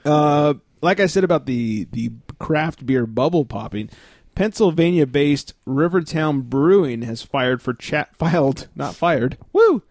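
A man's voice: a little high, animated, a little slow, darkish tone, dry recording. A man from California co-hosting a casual beer-news podcast, joking and laughing as he reads stories. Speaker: podcast co-host.

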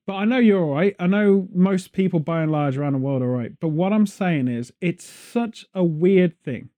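A man from Britain hosts a casual podcast chat, rambling, cracking jokes and drifting onto tangents. He speaks at normal speed in a high-pitched voice with a dark tone.

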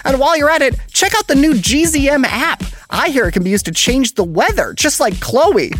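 A woman's voice: high-pitched, expressive, a little fast, fairly bright tone, no room sound, clean studio sound, soft background music. A woman playing Jimmy, a cheerful, cookie-loving male host who floats, with goofy, dramatic delivery in a kids' audio comedy. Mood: excitable. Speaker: podcast co-host.

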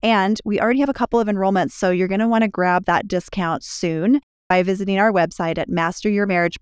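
A middle-aged woman co-hosting a podcast in casual chat, bright and playful, slipping into a promotional tone at times. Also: lowish voice, smooth, no room sound, studio quality. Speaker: podcast co-host.

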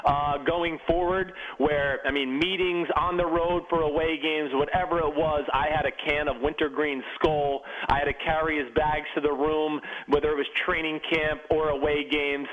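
A man who played pro football, telling locker-room stories as a podcast guest in a lively, animated way. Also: a little high, narrow, tinny audio. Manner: animated storyteller with restarts. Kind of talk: storytelling in casual chat.

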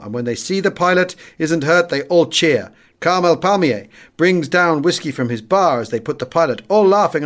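A man's voice: fairly high pitch, close to an everyday voice. A man voicing an eager Maltese cafe owner. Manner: broken English, eager storytelling.

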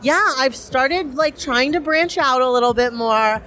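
A woman's voice: high voice, unhurried, a bit bright, a little hiss or hum. A young woman cosplayer, chatty and enthusiastic with many fillers, interviewed at a convention. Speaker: cosplayer guest.

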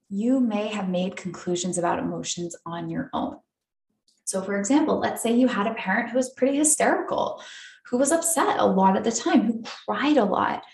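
Gentle woman explaining, roomy echo. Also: medium pitch. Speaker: podcast host. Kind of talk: educational podcast talk.

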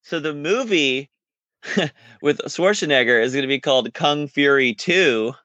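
A man's voice: a little high, a little slow, sharp tone, dry recording. A man co-hosting a podcast over a headset, chatting casually and laughing through his remarks. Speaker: podcast co-host. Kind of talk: casual chat.

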